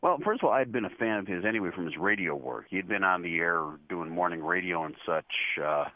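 A middle-aged man from the Chicago area answers interview questions, easygoing and quick to poke fun at himself. His voice sits very low. The sound is dry and squeezed through a narrow phone-like line. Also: no room sound. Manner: relaxed storytelling, self-deprecating. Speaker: horror show host.

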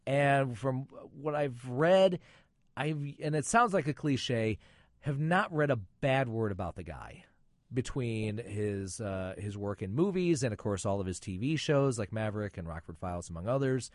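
A man's voice: medium pitch, lively intonation, moderate pace, no echo, studio quality. A man reviewing films and chatting on the radio, with chatty joking asides. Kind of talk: casual radio chat.

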